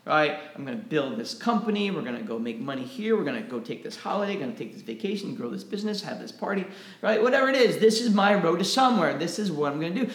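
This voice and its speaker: A man preaching a sermon in an animated way, often repeating words as he gets going. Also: a little high, fast talker, roomy sound. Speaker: pastor. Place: church.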